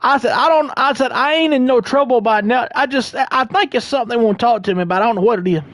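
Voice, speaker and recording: A man's voice: very high voice, fast, a bit bright, no room sound. A man in his thirties streaming a video game, telling a long story in a rambling way that repeats phrases and restarts sentences. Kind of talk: casual storytelling while gaming.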